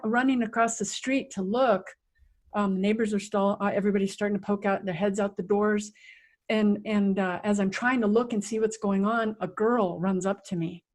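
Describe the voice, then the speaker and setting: A middle-aged woman, a resilience coach, telling a personal story in an interview in a vivid, animated way that acts out the scenes. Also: medium pitch.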